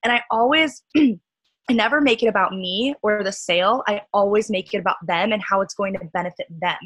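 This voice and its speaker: A young woman leading a sales team call, chatty and upbeat with lots of fillers, her voice cracking and a bit hoarse. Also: mid-range voice, a little fast, fairly bright tone, dry recording, low-quality recording.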